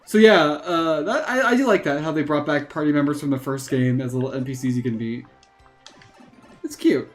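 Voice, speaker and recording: A woman's voice: low voice, moderate pace, soft background music. A woman streaming a game and talking casually, in a rambling, hesitant way. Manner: rambling, hesitant, with fillers and restarts. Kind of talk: casual gameplay commentary.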